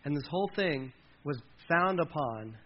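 Animated preacher on a muffled recording. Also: male voice, a little high, moderate pace. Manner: animated, reads scripture aloud with dramatic emphasis and side comments. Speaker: pastor. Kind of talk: sermon.

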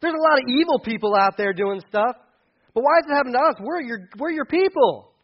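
A man's voice: extremely high pitch, animated, fairly quick, highs cut off, voice pushed up. A man voicing an anguished male prophet who cries out to God with desperate, repeated questions. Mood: anguished pleading.

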